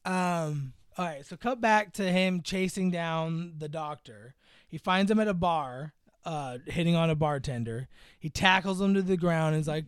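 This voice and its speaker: A young man co-hosting a podcast recaps a movie plot at normal speed in a clear, resonant voice, in a home room with clean studio sound and no echo. He rambles casually with lots of fillers, acting out characters' lines in higher voices.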